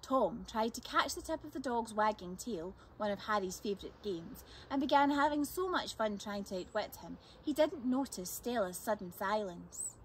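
A woman reading a chapter book aloud for children, with expressive, lively narration. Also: medium pitch, moderate pace, few pauses, slight background noise. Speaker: storyteller.

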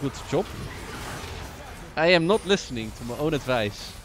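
A man's voice: medium pitch, lively intonation, normal speed, a bit bright, slight background noise. A man streaming a video game, joking around and repeating his lines in casual commentary. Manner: playful, joking, repeats phrases.

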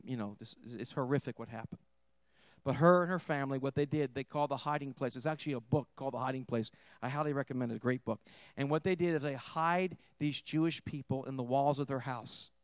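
A man preaching a sermon in a mid-pitched voice. He tells a story in a quiet, intimate tone, then rises to emphatic points. The sound is dry and close. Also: clean tone, dry recording. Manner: storytelling, swings between hushed and emphatic. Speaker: pastor.

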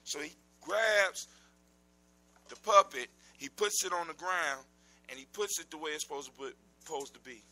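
A man telling a folk tale aloud in a casual, animated, conversational way. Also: on the high side, moderate pace, rough recording. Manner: animated, conversational, informal grammar. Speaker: storyteller. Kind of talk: casual oral storytelling.

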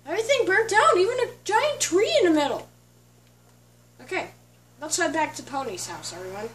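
A woman giving casual, chatty commentary while touring her game world, often stopping to clear her throat. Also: extremely high pitch, lively intonation, moderate pace, slight background noise. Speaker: let's play host. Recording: distant mic with faint background music.

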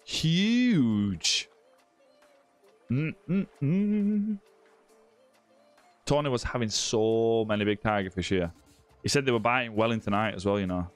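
A man's voice: lowish voice, fast, clean tone, soft background music. A man hosting a live gaming stream, chatting casually with viewers and greeting them by name. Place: indoor room with ring light.

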